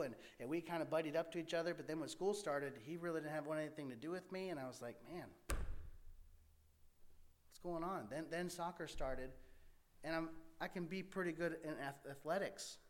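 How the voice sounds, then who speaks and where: A man with a slightly high voice tells a personal story from his past. He talks earnestly and haltingly, full of fillers and restarts. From American Midwest. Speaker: speaker sharing his life story.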